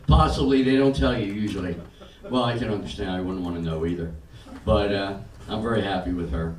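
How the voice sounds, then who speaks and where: An older male comedian works a small club crowd, his voice carried through a roomy space and picked up from some distance off. He tells his stories flatly and drops into quick acted-out lines for the people in them. A faint hum of the room sits under him. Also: fairly low pitch. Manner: deadpan storytelling with acted-out quotes. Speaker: stand-up comedian. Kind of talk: stand-up set. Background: audience laughter and room noise.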